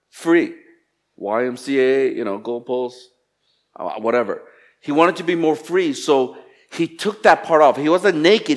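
A man preaching a sermon, reading scripture and explaining it in an animated way, acting out quotes with sarcasm. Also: a little high. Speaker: pastor.

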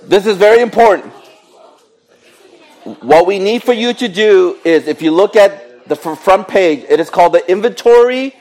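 A middle-aged man preaching a sermon in a lively, joking way with playful asides to the congregation. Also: high-pitched, normal speed. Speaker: pastor.

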